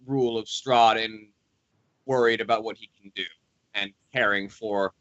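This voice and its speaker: Man, dungeon master, bright tone, halting recap, many fillers, online call. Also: on the low side, fairly even intonation, no room sound, highs cut off. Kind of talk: recapping a tabletop game.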